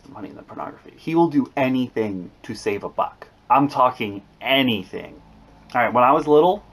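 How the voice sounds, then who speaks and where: Young adult male vlogger, mid pitch, animated storyteller who trips over his words. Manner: animated, jokey, with repeated restarts. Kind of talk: casual storytelling monologue.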